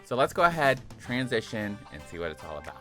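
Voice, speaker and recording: A male gaming channel host giving enthusiastic, expressive let's-play commentary. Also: mid-range voice, fast, faint music behind.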